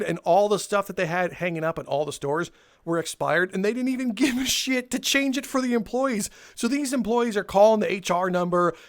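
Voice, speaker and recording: A young man telling a casual story for his video channel, animated and swearing, laughing between lines and acting out what people said. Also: high-pitched. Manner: animated, swearing, laughs mid-sentence, acts out quotes. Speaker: storytelling YouTuber.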